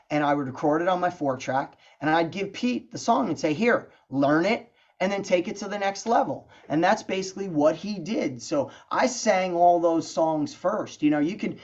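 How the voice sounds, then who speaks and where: Chatty middle-aged man with a muffled sound. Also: a little high. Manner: chatty, animated, peppered with "you know" and "man". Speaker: guest musician and songwriter. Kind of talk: casual storytelling interview. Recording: dull lo-fi sound.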